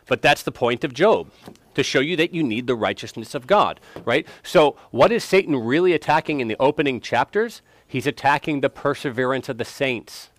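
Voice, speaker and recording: A man's voice: medium pitch, animated, normal speed, fairly bright tone, no echo. Man, Bible lesson, questioning, emphatic, dry sound. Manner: questioning, emphatic, prods students for answers. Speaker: Bible study teacher.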